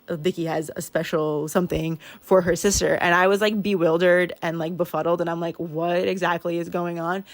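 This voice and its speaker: A woman's voice: on the low side, level tone, fairly quick, few pauses. A young woman chatting casually over her planner pages, rambling and laughing often with a wheeze. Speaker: planner vlogger.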